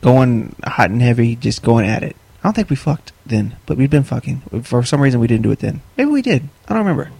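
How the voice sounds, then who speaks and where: A man's voice: mid-range voice, big pitch swings, brisk, vocal fry, hardly any pauses, a little mellow, slightly rough, no echo. A man co-hosting a podcast, talking bluntly and profanely in casual chat. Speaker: podcast co-host.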